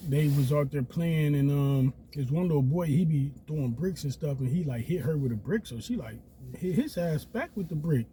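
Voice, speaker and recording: A man telling a story casually, animated and profane, acting out quotes in a raised voice. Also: fairly high pitch, moderate pace, slight background noise.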